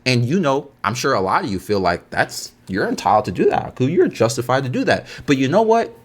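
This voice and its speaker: A worked-up man rants to his podcast listeners. His pitch leaps high and drops low all through the talk. He moves between hot bursts and slow, deliberate preaching. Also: big pitch swings. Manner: agitated, swings between loud outbursts and slow preaching. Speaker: podcast host. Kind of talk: heated monologue to listeners.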